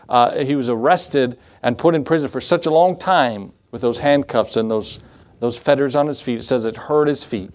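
Folksy preaching man, mid pitch. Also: a little mellow. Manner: conversational preaching with storytelling asides. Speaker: pastor. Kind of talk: sermon.

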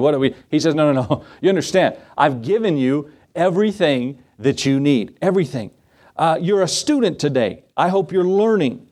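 A man's voice: on the high side, darkish tone. A man preaching a sermon as pastor, telling folksy stories and acting out the people in them. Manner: folksy storytelling, acts out quotes.

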